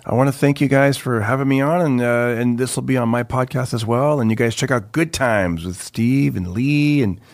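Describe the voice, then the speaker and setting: A man's voice: mid-range voice, normal speed, hardly any pauses, no echo. A man, a comedian guest on a podcast, chatting casually and rambling with many restarts. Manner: rambling, restarts mid-sentence while explaining. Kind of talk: casual chat.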